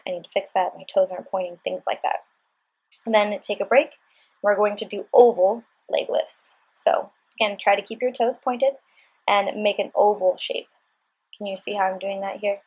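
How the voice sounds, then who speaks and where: A woman coaching a workout in a voice-over, chatty and encouraging throughout. Her voice sits at a middling pitch with a breathy, slightly husky edge. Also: poor audio. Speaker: fitness instructor.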